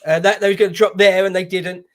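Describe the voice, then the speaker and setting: Eager high-voiced man discussing history. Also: little pitch movement, fast talker. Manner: eager, reads quotes aloud from books. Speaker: panel guest. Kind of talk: casual discussion.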